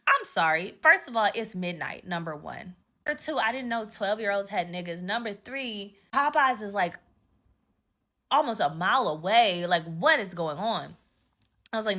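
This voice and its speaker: A woman's voice: medium pitch, animated, moderate pace, pushed and bright. A woman telling a childhood story in a storytime vlog, dramatic and punchy.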